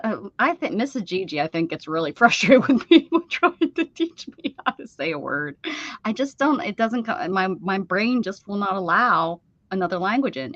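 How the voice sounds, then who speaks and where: A woman's voice: mid-range voice, fairly bright tone, no echo, highs cut off. A woman in her fifties hosting a craft livestream, chatty and self-teasing, laughing often. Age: 50s. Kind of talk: casual livestream chat. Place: home craft room.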